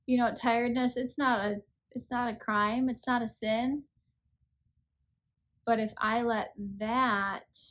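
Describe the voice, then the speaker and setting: A woman in her thirties hosting a faith podcast, talking in an earnest, conversational way and saying she is tired. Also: on the high side. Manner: earnest, conversational, self-deprecating. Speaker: podcast host. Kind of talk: reflective faith podcast talk.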